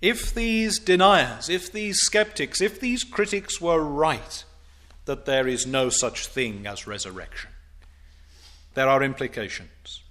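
A man delivers a sermon in a measured, emphatic style with lively intonation. He stresses key phrases and drops to a low, quiet voice when he reaches solemn points.

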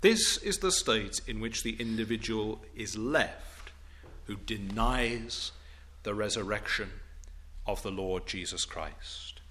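Slow, emphatic male preacher. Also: animated. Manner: measured, emphatic delivery with slow stressed phrases; falls to a low, quiet voice on solemn points. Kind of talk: sermon.

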